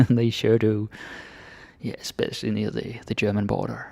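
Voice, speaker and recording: A man from Denmark teaching pronunciation in a relaxed, joking way, often dropping into whispers. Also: fairly low pitch, moderate pace, vocal fry. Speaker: language teacher. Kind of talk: casual pronunciation lesson.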